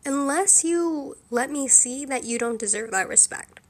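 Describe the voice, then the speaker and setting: A woman's voice: sits high, animated, a little slow. A young woman hosting a solo podcast, talking in a frank, opinionated, casual way with lots of fillers and laughs. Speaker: podcast host.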